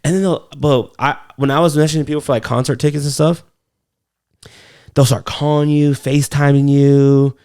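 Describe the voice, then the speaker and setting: Gravelly man telling stories casually. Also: on the high side, flat delivery, moderate pace, dark tone. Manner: loose, profane storytelling. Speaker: podcast co-host. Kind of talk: casual chat.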